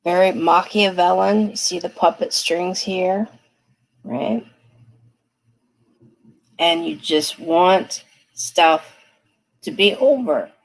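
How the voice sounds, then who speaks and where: A woman reads tarot cards live from home, speaking at an unhurried pace. Her delivery is chatty and emphatic, and she breaks into laughter often. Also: on the low side, poor audio. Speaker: tarot reader. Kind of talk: live-stream reading.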